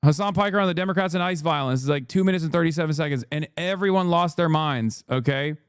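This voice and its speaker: A man's voice: on the high side, fast talker, smooth, no room sound, studio quality. A man in his thirties hosting a live-stream reaction, ranting sarcastically and reading chat messages aloud. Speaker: streamer host.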